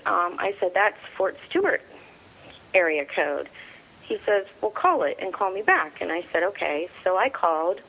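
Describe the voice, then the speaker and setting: A middle-aged woman with a voice of ordinary pitch speaks as an interviewee. She recounts events in plain words and acts out each exchange as quoted dialogue. She hesitates often, with fillers and restarts. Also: fairly bright tone, poor audio. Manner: halting, with frequent fillers and restarts. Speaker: interviewee, a soldier's mother. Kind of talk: personal storytelling.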